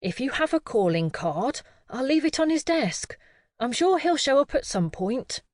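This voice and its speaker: A woman voicing a sensible, cautious middle-aged amateur sleuth with a measured way of talking. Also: high voice, sing-song, darkish tone, dry recording, clean studio sound, pitched above the performer's own voice.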